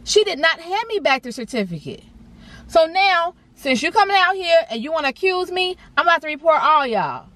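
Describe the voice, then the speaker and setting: In an extremely high voice, a little fast, a young woman chats and vents from inside a car. Her casual rant goes straight to the camera, animated and sprinkled with "y'all" and "honey."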